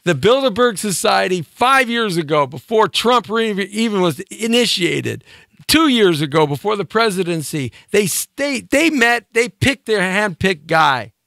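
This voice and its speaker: A man hosting a live talk show pushes through an emphatic monologue, firing off rhetorical questions and repeating them. His voice sits high and swings widely in pitch, with a bright, forceful edge. The recording is dry and close. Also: lively intonation, measured pace, vocal fry, no echo. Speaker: show host. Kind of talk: opinion monologue.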